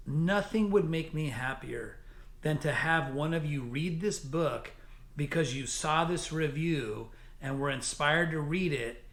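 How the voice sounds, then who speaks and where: A man's voice: on the high side, a bit bright. Chatty, enthusiastic man in an echoey room. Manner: enthusiastic, chatty, many fillers and restarts. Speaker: book reviewer. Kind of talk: casual spoken book review.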